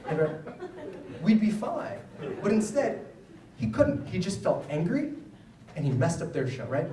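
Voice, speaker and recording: A man's voice: a little high, big pitch swings, normal speed, a crowd in the background. A man, a psychologist, giving a conversational talk to parents with personal stories, often checking in with "right?". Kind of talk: public lecture with personal stories. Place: school event hall. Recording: roomy, distant mic, faint ambience.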